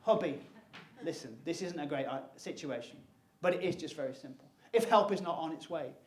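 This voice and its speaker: A man voicing his calm, steady wife in labour, who soothes him in a low, reassuring voice. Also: racing, lightly acted. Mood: soothing. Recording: echoey venue with audience laughter.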